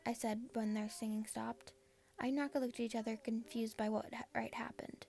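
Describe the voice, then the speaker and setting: Gravelly-voiced woman reading fan fiction. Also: on the high side, little pitch movement, fairly quick, mellow. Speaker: fanfiction reader.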